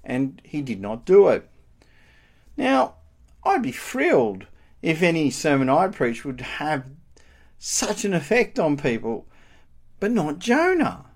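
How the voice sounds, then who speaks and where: A man delivers a sermon with animated, emphatic energy. His pitch rises and falls widely as he poses rhetorical questions to the congregation. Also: takes it slowly, pauses often. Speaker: preacher.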